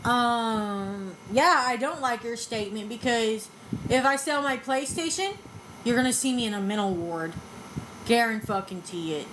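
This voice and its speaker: A high-pitched woman with a drawl answers her critics bluntly and defensively, swearing as she goes. Faint noise hums behind her voice. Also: a little slow. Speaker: vlogger reacting to videos. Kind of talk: casual reaction commentary.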